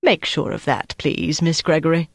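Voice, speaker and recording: An audiobook narrator voicing an irritated, domineering male committee chairman with a dry, measured delivery in a dry, close recording. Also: mid-range voice, steady tone, creaky, husky, no echo. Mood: curt.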